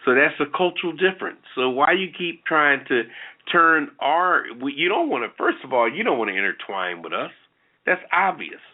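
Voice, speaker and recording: A man co-hosting a talk show, giving blunt, animated opinions in casual commentary with many restarts. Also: fairly high pitch, moderate pace. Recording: tinny phone-like audio.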